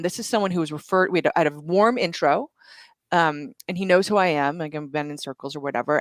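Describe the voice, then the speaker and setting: A woman guest on an interview show, retelling a story with vivid asides and quick restarts. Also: deep voice, no room sound. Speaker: guest entrepreneur. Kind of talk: animated storytelling in conversation.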